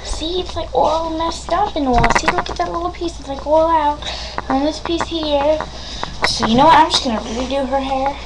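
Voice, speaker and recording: A woman's voice: high voice, moderate pace. A young woman playing with dolls on a webcam, talking in a bossy, sassy way and sometimes like a mock announcer. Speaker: doll play performer. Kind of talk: playful doll play on webcam. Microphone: built-in webcam mic. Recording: loud hiss on webcam audio.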